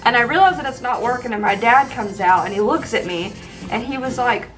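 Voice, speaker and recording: A young woman telling funny stories from her life in a chatty, animated way with lots of fillers. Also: fairly high pitch, fairly quick, far from the mic, faint music behind, rough recording. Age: young adult. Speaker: vlogger. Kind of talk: casual storytime.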